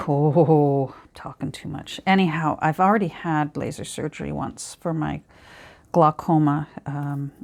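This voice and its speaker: Low creaky Canadian woman chatting. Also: a little mellow. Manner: rambling and self-chiding, with many ums and sighs. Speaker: crafting vlogger. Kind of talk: casual chatter while crafting.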